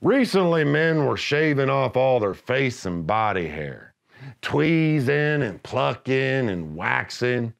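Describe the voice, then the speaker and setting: Slow deadpan macho man, lively pitch. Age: middle-aged. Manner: gruff macho pronouncements, deadpan. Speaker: comedy narrator. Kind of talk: scripted deadpan comedy narration.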